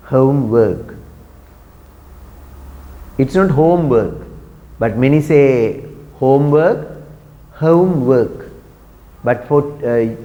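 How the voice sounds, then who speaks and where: A man's voice: on the high side, in a large hall, muffled recording. A man teaching an English pronunciation lesson, repeating words and quizzing students in a classroom. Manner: drills words slowly, repeating them, asking students questions.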